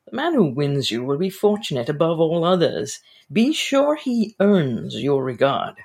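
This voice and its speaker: A reserved, worldly sea captain who speaks in measured, clipped phrases as a woman reads his part aloud. The voice stays low and quiet, with a husky edge. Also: big pitch swings, full character voice. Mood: dry. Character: reserved male ship's captain, dry, worldly.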